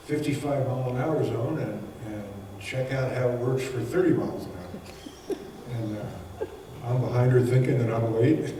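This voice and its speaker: A man's voice: mid-range voice, mellow, a little hiss or hum. A man giving a folksy, anecdotal spiritual talk to a gathering, often chuckling as he teaches. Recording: echoey hall recorded from far off.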